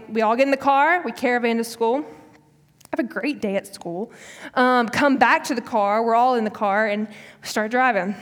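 A woman in her early twenties giving a sermon, telling a personal story in a chatty way with casual fillers. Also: a little high. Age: early 20s. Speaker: speaker. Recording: long hall reverb.

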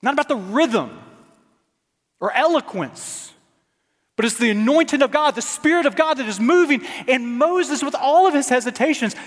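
A male pastor preaching a dramatic sermon to his congregation, sometimes dropping to soft near-whispers. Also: very high voice, expressive, normal speed. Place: church sanctuary. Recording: church sanctuary with long reverb.

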